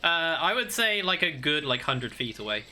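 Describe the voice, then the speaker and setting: A man's voice: on the high side, big pitch swings, normal speed, bright, forceful tone, a little hiss or hum. A man narrating a tabletop game as game master, hesitant and full of fillers.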